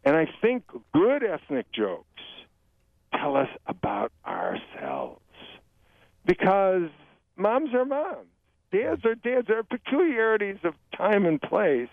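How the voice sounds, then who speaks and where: An older man, a guest author, telling jokes and talking about humor in a radio interview, animated and given to slipping into voices. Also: high-pitched, takes it slowly, no echo. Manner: animated storyteller, jumps into joke voices. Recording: dry tinny radio phone-line sound.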